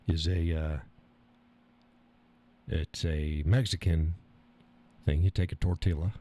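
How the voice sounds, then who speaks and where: Speaking in a deep, mellow voice, this man runs a live stream where he reads viewer comments. His casual chat is rambling and full of chuckles and profane jokes.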